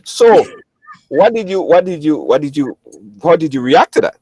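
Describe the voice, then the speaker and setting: A man's voice: on the high side, lively intonation, normal speed, warm tone, breathy edge, dry recording. A man hosting a live call-in show, recapping the story for listeners and stumbling over repeated words when he cuts in. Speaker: talk show host.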